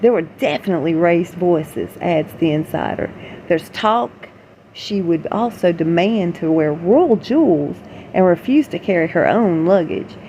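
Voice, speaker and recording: A woman's voice: fairly low pitch, lively intonation, measured pace, mellow, a little hiss or hum, poor audio. A woman vlogger reading gossip articles aloud and breaking off into chatty, opinionated, rambling asides.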